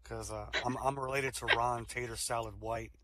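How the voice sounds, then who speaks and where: A middle-aged man telling one-liners as a stand-up comedian on an online voice-chat comedy show, relaxed and chuckling at his own punchlines. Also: mid-range voice, normal speed, heavy background noise. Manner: laid-back, fills with "you know" and "um", laughs at his own jokes.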